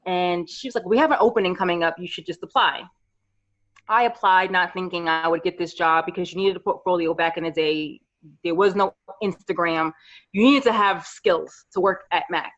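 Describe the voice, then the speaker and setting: A woman in her thirties from New York, a podcast guest telling her career story in lively casual chat. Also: lowish voice, moderate pace. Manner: animated storyteller, acts out quoted voices. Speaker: podcast guest, makeup artist. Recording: slightly dull lo-fi audio.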